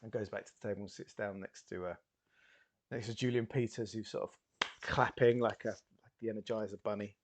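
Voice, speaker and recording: A man's voice: lowish voice, fairly even intonation, a little fast. A man narrating a tabletop role-playing game as game master, hesitant with fillers.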